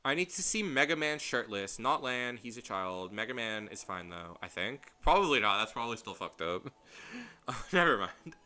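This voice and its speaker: Chatty young guy streaming a game, super bright voice, goes off on tangents and laughs at himself. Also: mid-range voice, sing-song, moderate pace. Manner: rambling, chatty, self-deprecating with frequent laughs. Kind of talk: casual let's-play commentary. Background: faint game music.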